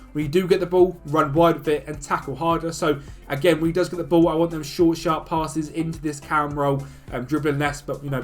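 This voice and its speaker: Male video host, casual commentary, chatty and upbeat, slightly high voice. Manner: chatty, upbeat, talks fast through stats. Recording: faint music behind.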